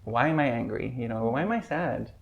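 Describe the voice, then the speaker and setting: A man chatting casually as a podcast guest, rambling and filling every pause with "like". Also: medium pitch, lively intonation, vocal fry. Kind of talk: casual chat. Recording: muffled lo-fi podcast audio.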